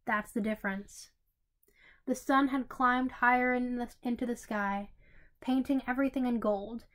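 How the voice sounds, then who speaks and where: A woman narrating a fanfiction story in an even way, with small slips and restarts. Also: fairly high pitch, normal speed. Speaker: story reader.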